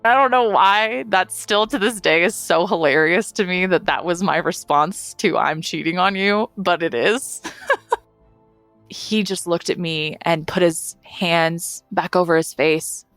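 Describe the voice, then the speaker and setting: A young woman with a low, deep voice tells her story in a candid, blunt way and does not hold back her swearing. The sound is close and dry, with faint music underneath. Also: unhurried, a bit bright, no echo. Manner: blunt, frank, swears freely. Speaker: guest telling her own story. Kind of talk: candid first-person storytelling.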